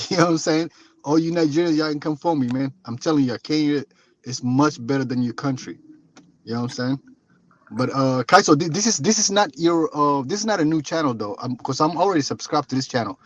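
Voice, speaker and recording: A man's voice: fairly high pitch, lively intonation, brisk, slight background noise. Playful man on dull lo-fi audio. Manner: playful, teasing banter. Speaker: guest. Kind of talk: casual group call.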